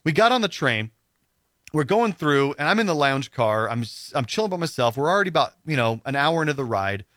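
A man's voice: fairly high pitch, sing-song, fairly quick, a bit bright, no echo, studio quality. A man telling a long story in casual conversation, rambling with many fillers and acting out what other people said. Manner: rambling, full of "you know" and "like" fillers.

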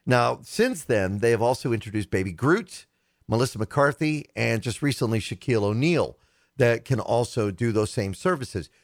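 A man's voice: medium pitch, animated, normal speed, dry recording, clean studio sound. A man co-hosting a tech podcast in casual chat, teasing and laughing easily. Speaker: tech show co-host.

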